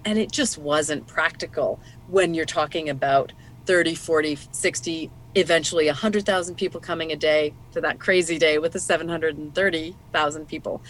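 A woman's voice: low-pitched, moderate pace, a little hiss or hum. A woman co-hosting a podcast, talking through a nonfiction book in a thoughtful, explanatory way and laughing easily. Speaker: podcast co-host. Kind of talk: casual book discussion.

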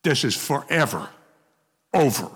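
A man leading a group Bible study, reading passages and talking them through in a halting, conversational way with frequent restarts. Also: medium pitch, big pitch swings, a bit bright, husky, big-room sound.

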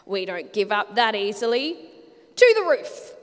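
A woman yelling as rowdy cheering storybook friends. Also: medium pitch, unhurried, in a large hall. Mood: determined. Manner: whooping, excited yelling.

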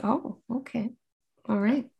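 A woman's voice: fairly high pitch, creaky, dark tone, slightly rough, full character voice. Woman improvising Nessie, a shy lake monster. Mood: earnest. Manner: halting, earnest and naive. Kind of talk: improvised comedy role-play.

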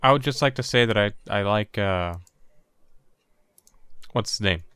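A man's voice: fairly low pitch, measured pace, fairly bright tone, smooth, dry recording, clean studio sound. A man co-hosting a podcast, chatting casually and joking with friends. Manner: joking, swears. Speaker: podcast co-host. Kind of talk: casual chat.

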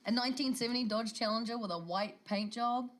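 A woman's voice: fairly high pitch, fairly quick, natural voice. A woman with a New Zealand accent playing a brash, car-loving stuntwoman in film dialogue who talks cheekily and swears freely. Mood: cheeky.

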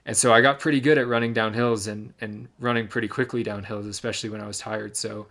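A young man from Michigan tells a race story in a relaxed podcast chat, going through it in close, reflective detail. His voice sits low, with a gravelly, fry-tinged edge. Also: fast talker. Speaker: podcast co-host.

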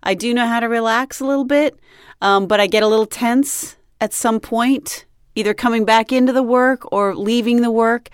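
A woman's voice: a little high, steady tone, moderate pace, clean tone, no room sound, studio quality. A woman hosting an interview, conversational and reflective, affirming her guest. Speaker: interview host. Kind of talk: casual interview chat.

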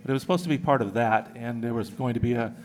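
A man's voice: medium pitch, fast talker, slight background noise. A man speaking on a live convention panel, a little out of breath, talking with many hesitant fillers.

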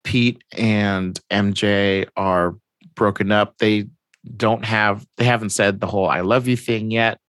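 Man, very low pitch, casual chat, animated storytelling, acted-out lines, dry recording. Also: a little slow, clear, resonant tone, no room sound.

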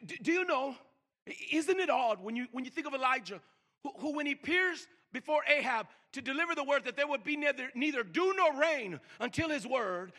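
An older man preaching a sermon, stammering and repeating words, swinging from loud emphasis to hushed slow lines. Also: very high voice. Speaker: pastor.

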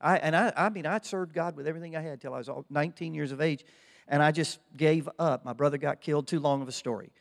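A man's voice: a little high, quick pace, gravelly, in a large hall. An older man with an Oklahoma accent, preaching a fervent sermon as pastor, repeating his phrases. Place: church sanctuary.

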